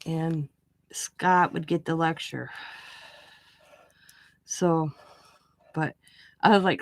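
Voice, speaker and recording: A woman hosting a craft channel, casually telling a rambling family story full of asides and lively retold dialogue. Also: low voice, very slow, long pauses, no room sound. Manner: rambling, chatty, full of "you know" asides; animated when retelling quoted dialogue.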